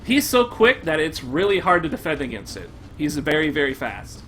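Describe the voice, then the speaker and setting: A young man streaming a game live, commenting in an excitable, profane way and bursting into shouts. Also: a little high, normal speed, faint music behind.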